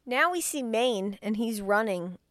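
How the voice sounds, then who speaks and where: A woman's voice: fairly high pitch, expressive, unhurried, no room sound. Profane woman retelling a movie in a dry room. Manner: profane, acts out the characters' lines. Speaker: podcast co-host explaining a film. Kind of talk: casual chat, retelling a movie plot.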